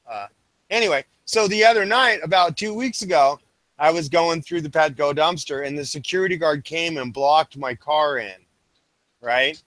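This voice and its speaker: Bright-voiced man telling a rambling story. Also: on the high side, moderate pace, no room sound. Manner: rambling, with many fillers and restarts. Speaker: stream host. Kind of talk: casual storytelling chat.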